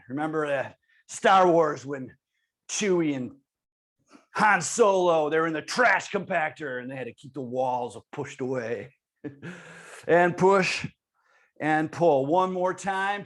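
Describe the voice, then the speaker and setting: A man presenting an online exercise class over a video call, giving energetic and encouraging coaching cues as he talks the group through each move. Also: on the high side.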